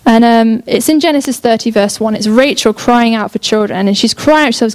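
This young woman preaches fast, on the high side, with hardly any pauses. Her delivery is enthusiastic and chatty, and she often interrupts herself to start her thoughts over.

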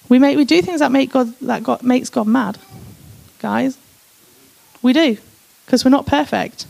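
Emphatic woman giving testimony, higher voice. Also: unhurried, creaky, darkish tone, low-quality recording. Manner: emphatic, addresses listeners as "guys". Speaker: speaker sharing her testimony. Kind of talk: personal testimony with scripture reading.

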